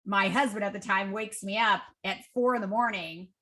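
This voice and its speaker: Podcast guest, woman, 40s, bright voice, lively storyteller who acts out the dialogue. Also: normal speed. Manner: lively, acts out quoted dialogue with raised pitch. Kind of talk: casual interview storytelling.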